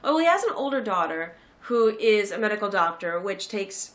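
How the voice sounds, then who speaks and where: A woman in her thirties chatting casually about a film, sarcastic and animated, often putting on mocking voices. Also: medium pitch, moderate pace. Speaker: film reviewer. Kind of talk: casual chat.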